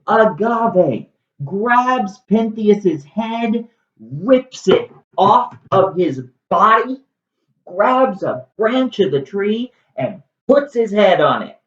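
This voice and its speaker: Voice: medium pitch, animated, drawn-out words. A host casually retelling a classic play, wry and conversational with lots of animation. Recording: roomy, distant, dull lo-fi.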